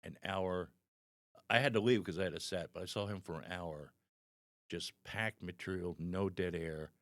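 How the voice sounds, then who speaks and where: A man's voice: low voice, moderate pace, dry recording. A man in his sixties, a stand-up comedian guest, telling anecdotes animatedly in a casual podcast chat. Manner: animated storyteller, acts out the people in his anecdotes.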